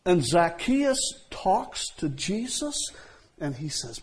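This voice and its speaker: A man's voice: high-pitched, big pitch swings, slow, a little mellow, breathy edge. A man preaching a sermon in a conversational way, often repeating himself and saying "you know.".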